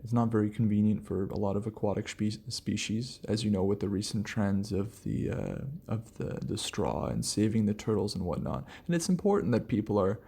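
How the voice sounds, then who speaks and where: Gravelly, low-key male podcast host. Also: lively intonation, a little fast, few pauses, warm tone. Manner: rambling, many restarts and fillers. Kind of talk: relaxed solo podcast rambling.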